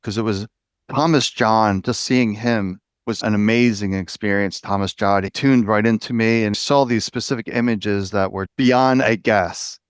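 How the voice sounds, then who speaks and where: Host: an earnest, encouraging man with a deep, smooth voice, recorded dry. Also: fairly even intonation, normal speed, no echo. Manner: earnest, affirming, reflective. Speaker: podcast host. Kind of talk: conversational interview.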